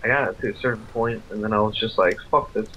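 A young man co-commentating a game in casual chat, laid-back and teasing, with halting filler-heavy speech. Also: on the low side, fairly even intonation, muffled recording, a crowd in the background. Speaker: co-commentator watching. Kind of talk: casual let's-play commentary.

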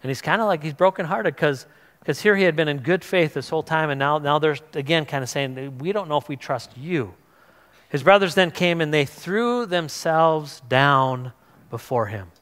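Pastor, male, mid-high voice, casual animated preaching style with acted-out voices, church hall reverb. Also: moderate pace. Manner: conversational, animated, acts out voices of biblical figures. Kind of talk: sermon. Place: church sanctuary.

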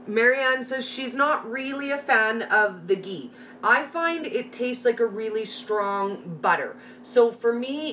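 A middle-aged woman with a Canadian accent hosts a live recipe tutorial from her kitchen, greeting viewers by name as she cooks. Her pitch sits in a middle range. She sounds slightly distant from the mic, with a faint hum of background noise. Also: a bit bright. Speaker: live cooking host.

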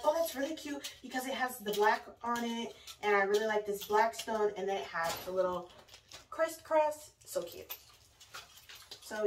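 A young woman showing off her birthday haul, gushing and trailing off softly at the ends of phrases. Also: medium pitch. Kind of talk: casual haul vlog. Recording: roomy, mic distant, faint noise.

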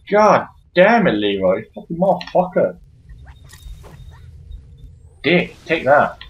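A man giving let's play commentary while he plays a shooter, swearing constantly and shouting at enemies in frustration. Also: mid-range voice, dull audio. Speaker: gamer playing through a shooter.

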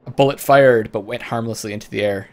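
A man's voice: medium pitch, quick pace, darkish tone. Man reading a game's story aloud. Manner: storyteller reading, breaks off into jokey chat. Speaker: let's play host. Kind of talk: reading game text aloud with casual asides.

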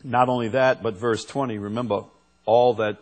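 A man preaching a sermon as pastor, slow and unhurried, rising to emphatic peaks. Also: medium pitch, fairly even intonation, darkish tone.

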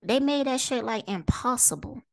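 A woman's voice: on the high side, animated, normal speed, dry recording. A woman vlogger delivering a heated, profane monologue straight to camera, firing rhetorical questions and repeating lines for emphasis. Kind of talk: impassioned direct-to-camera monologue.

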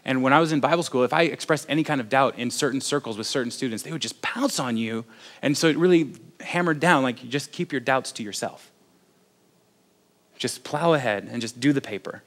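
A man's voice: medium pitch, a little fast, a bit bright. Joking conversational male pastor. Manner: conversational, self-deprecating humor. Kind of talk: sermon.

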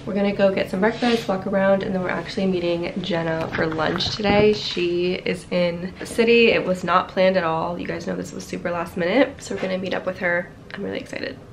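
A woman's voice: on the low side, fairly even intonation, a little fast, vocal fry, hardly any pauses, noisy background. A woman vlogging casually in a chatty, upbeat way, her voice nasal from being sick with a sore throat. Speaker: travel vlogger. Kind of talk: casual vlog narration. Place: hotel room and city streets. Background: background music.

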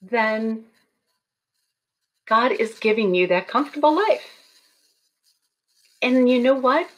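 Brief: woman speaker at a graduation service, relaxed and chatty sermon delivery. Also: a little high, slow. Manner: conversational, humorous storytelling. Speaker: speaker at a college baccalaureate service.

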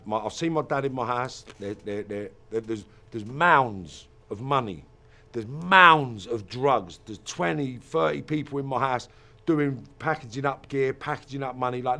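A man's voice: mid-range voice, a bit bright. A man with a British accent, recounting a hard childhood in an emotional interview. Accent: British English. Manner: emotional, gravelly storytelling.

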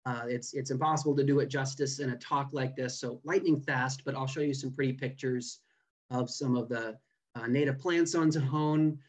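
A man's voice: medium pitch, steady tone, normal speed. A young man from California gives an online seminar as a guest botanist. He talks casually, with plenty of fillers and restarts, and sounds like he is on a video call. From California, USA.

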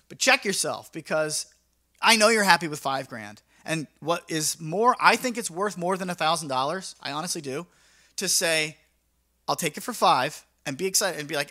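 A man's voice: fairly high pitch, lively intonation, moderate pace, pushed and bright. A young man, a mobile DJ, talking casually and energetically in a vlog, acting out his talks with clients in a slangy, upbeat way. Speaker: mobile DJ and vlogger.

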